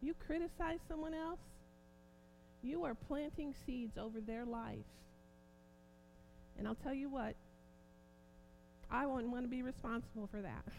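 A woman preaching an informal sermon, growing impassioned and forceful at points. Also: high-pitched, unhurried, long pauses, a little hiss or hum. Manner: impassioned, rising to near-shouting emphasis.

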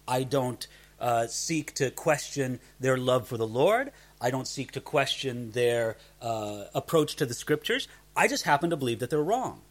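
A man teaching a Bible passage verse by verse, earnest, often repeating words as he starts a sentence. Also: medium pitch.

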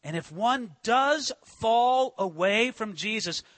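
Male pastor with a high voice, preaching earnestly in a dry, close room. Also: lively intonation, slow, fairly bright tone, no room sound. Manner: earnest, asks rhetorical questions. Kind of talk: sermon.

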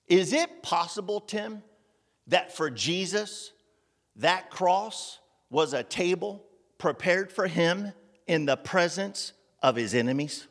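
Male preacher, high and lively delivery, unhurried, long reverb of the meeting hall. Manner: animated, rhetorical questions, calls on listeners by name. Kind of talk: sermon. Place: meeting room with congregation.

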